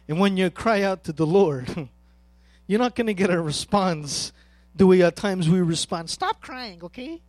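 A man preaching a sermon as pastor, emphatic and swinging between loud and soft. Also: high-pitched, no echo.

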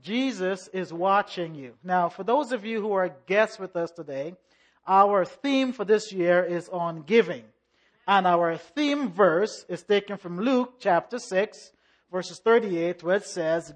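A preacher delivering a sermon at a middle pitch. The delivery is measured and emphatic, with rhythmic repeated phrases and calls for the congregation to answer back. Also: expressive. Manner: call-and-response, rhythmic repetition. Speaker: pastor.

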